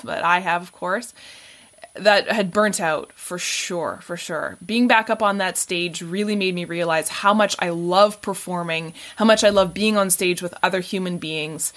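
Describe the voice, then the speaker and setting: Woman podcast host wrapping up, chatty and gushy, mid pitch. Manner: warm, chatty, emotional sign-off. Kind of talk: casual interview outro. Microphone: remote recording platform.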